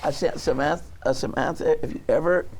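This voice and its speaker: A man chatting as a guest in a TV studio, halting and searching for words with many restarts. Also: a little high, gravelly, a little mellow. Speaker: talk show guest. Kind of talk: rambling talk show chat.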